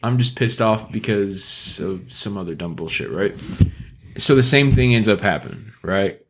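A young man co-hosting a podcast, telling a story in a casual, profane, animated way. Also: lowish voice, normal speed. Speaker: podcast co-host.

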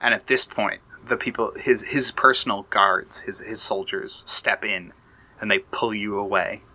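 A man's voice: lowish voice, fairly even intonation, measured pace, bright, forceful tone. A man running a tabletop role-playing game as game master, narrating scenes with frequent restarts. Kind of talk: narrating a tabletop war campaign.

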